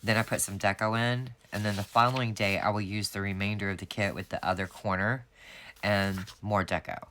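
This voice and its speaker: A woman's voice: rumbling low, fairly even intonation, brisk, fairly bright tone, slight background noise. A woman, chatting casually to her viewers as she sets up a planner, rambling and friendly. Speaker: planner sticker shop owner. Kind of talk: casual planner setup vlog.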